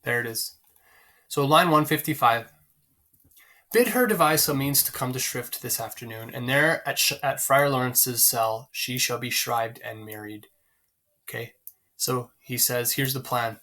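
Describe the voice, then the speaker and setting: A man teaching a play in a casual, conversational way, pausing often with fillers as he looks for lines. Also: medium pitch, bright, forceful tone. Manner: conversational, many fillers, pauses to find lines. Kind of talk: explaining a play to students, casual.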